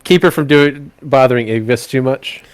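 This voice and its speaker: A man's voice: medium pitch, moderate pace, no room sound. Hesitant, apologetic man playing a game. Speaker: player. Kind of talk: casual tabletop role-play.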